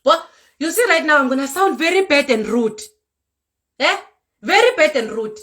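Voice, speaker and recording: High-voiced South African woman ranting. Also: expressive, normal speed, a bit bright. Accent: South African, Zulu. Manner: fiery, scolding, repeats herself. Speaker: vlogger. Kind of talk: direct-to-camera rant. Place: Europe.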